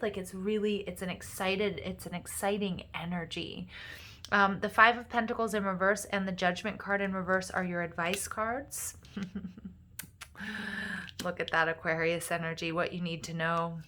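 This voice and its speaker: A woman giving a casual, upbeat tarot reading straight to her viewers, encouraging and quick to get excited. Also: lowish voice. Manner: upbeat, encouraging, excitable, fillers like "you know". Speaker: tarot reader.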